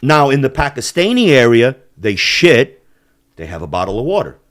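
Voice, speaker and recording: A man's voice: medium pitch, normal speed, dry recording, clean studio sound. A man hosting a podcast, telling crude stories in casual chat, swearing and laughing often. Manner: animated storyteller, swears a lot, laughs often. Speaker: podcast host.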